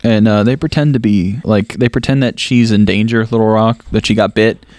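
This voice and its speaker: A man's voice: lowish voice, fairly even intonation, fairly quick, a little mellow, no room sound, clean studio sound. Laid-back man recapping a movie. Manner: rambling recap full of "like" and laughter. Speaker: podcast co-host. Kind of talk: casual movie review chat.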